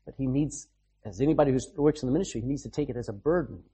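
A male pastor delivers an emphatic sermon. He reads scripture aloud and explains it. His voice has a slightly husky, breathy edge at a middling pitch. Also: rapid-fire, mellow.

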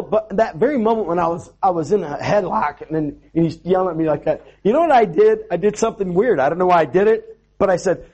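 A man preaches a sermon in a somewhat high, husky voice. His pitch swings widely as he tells his story with animation, stumbling and restarting his words along the way. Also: sing-song, brisk, darkish tone. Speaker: pastor.

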